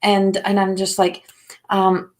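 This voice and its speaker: A woman's voice: medium pitch, completely flat delivery, takes it slowly. An older woman hosting a live intuitive reading, talking in a rambling way with many fillers and calling viewers by name. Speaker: intuitive card reader.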